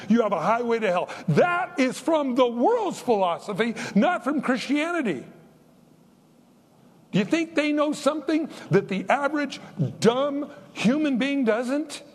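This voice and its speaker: A man preaching a sermon in a folksy, animated way, with humorous asides between his points. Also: very high voice. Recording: long reverb of a large hall.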